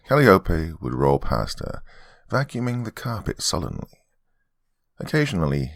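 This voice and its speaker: Extremely deep, gravelly male narrator. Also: dry recording, studio quality. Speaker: horror podcast host. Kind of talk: scripted horror story narration.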